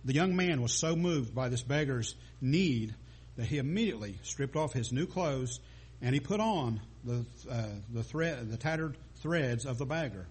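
A man's voice: medium pitch, expressive, normal speed, breathy edge. A man preaching a sermon, telling a story with small stumbles and restarts.

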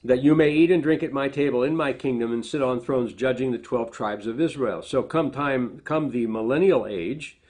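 A man's voice: medium pitch, moderate pace, few pauses, a little mellow. A man preaching a sermon, reading scripture aloud with lifted emphasis and then explaining it in plain, conversational asides. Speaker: pastor.

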